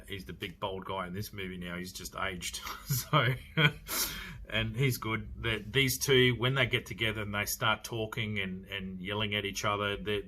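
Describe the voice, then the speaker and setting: Bright-voiced Australian man reviewing films. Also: lowish voice, slight background noise. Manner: rambling, many fillers and restarts, chuckles. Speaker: podcast host reviewing films. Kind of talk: casual solo review.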